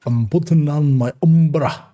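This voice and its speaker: A man's voice: on the high side, measured pace, warm tone, soft background music, close to an everyday voice. A man voicing a boisterous mock-Scottish character in an exaggerated put-on Scottish accent, with a hammy, theatrical delivery.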